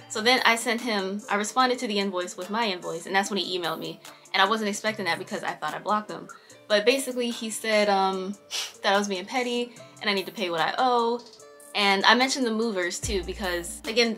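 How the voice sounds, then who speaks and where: A woman's voice: mid-range voice, fairly bright tone. A woman vlogger telling a personal story in casual chat, talking freely, laughing often and acting out what people said. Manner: chatty, laughs often, voices quoted people.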